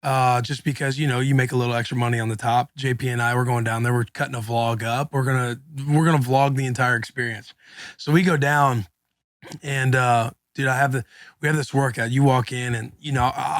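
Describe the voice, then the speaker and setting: A former NFL linebacker in his thirties co-hosts a podcast, telling a story in loose, slangy talk and performing the quotes. His voice is medium-pitched, steady and slightly bright, delivered briskly in a dry space with no room sound.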